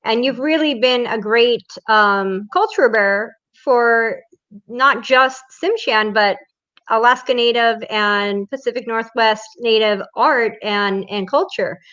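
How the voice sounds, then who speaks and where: A woman's voice: a little high, slow pace, a bit bright. A woman interviewing a guest, asking questions in a chatty way full of restarts. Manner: chatty, lots of likes and restarts. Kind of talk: casual interview. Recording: dull lo-fi sound.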